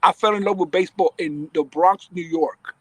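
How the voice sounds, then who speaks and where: High-voiced animated storyteller man. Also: normal speed, no room sound. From Dominican Republic. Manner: lively, acts out voices in his stories. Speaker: guest.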